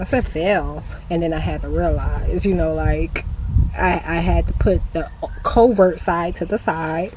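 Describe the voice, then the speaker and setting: A woman telling a rambling, animated story on her porch, laughing and cursing as she goes. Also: lowish voice, unhurried, a little hiss or hum. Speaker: vlogger. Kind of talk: rambling casual monologue.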